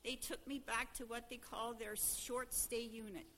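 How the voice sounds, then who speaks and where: A woman's voice: on the high side, level tone, a little slow, a bit bright, slight background noise. An older woman with a Pennsylvania Dutch accent gives a personal testimony to her church congregation, telling a homely story. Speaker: church member addressing the congregation. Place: church service.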